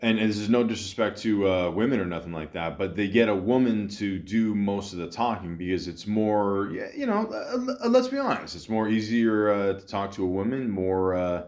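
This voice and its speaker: A man hosting a podcast, ranting bluntly in casual commentary, swearing and stopping often to fill pauses. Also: fairly low pitch, expressive, a little mellow. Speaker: podcast host.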